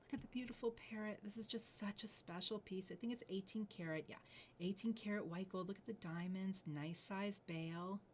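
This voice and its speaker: A woman hosting a live jewelry sale, gushing over each piece and often dropping to breathy near-whispers as she admires it. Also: medium pitch, steady tone, moderate pace, a little mellow, a little hiss or hum. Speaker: jewelry sales host. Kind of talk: live shopping presentation.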